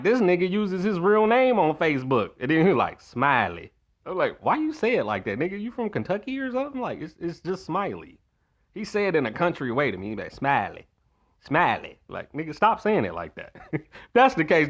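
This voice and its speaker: Man, streamer, casual storytelling rant, blunt and profane, lively swinging pitch, a bit high, dull lo-fi audio. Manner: profane, blunt, animated, acts out quoted voices. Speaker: streamer telling a story to his chat.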